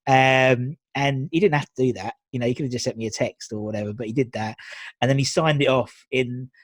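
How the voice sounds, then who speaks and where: A man's voice: medium pitch, no room sound. Chatty male host, dry sound. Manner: chatty, quick, full of fillers and restarts. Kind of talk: casual chat.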